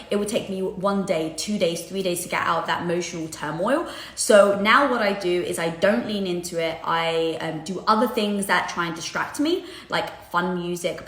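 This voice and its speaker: A woman hosting a live video, giving casual motivational talk in a candid, animated way with lots of fillers and casual swearing. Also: on the low side. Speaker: host of a live social media video. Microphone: headset or phone mic. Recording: echoey room sound.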